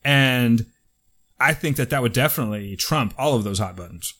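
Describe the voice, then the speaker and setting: A man's voice: mid-range voice, lively intonation, moderate pace, a bit bright. A man co-hosting a podcast, chatting casually and probing with playful what-if questions. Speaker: podcast co-host. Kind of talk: casual chat.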